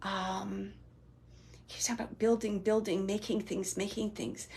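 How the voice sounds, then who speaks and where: A woman working as a psychic medium and host, giving live readings in a loose, halting way full of "like" and "um," and relaying messages from spirits in the first person. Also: medium pitch, flat delivery, vocal fry, a little mellow, breathy edge.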